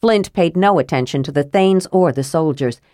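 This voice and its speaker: A woman narrating a fantasy audiobook in a measured, steady reading. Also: low voice, no echo, studio quality.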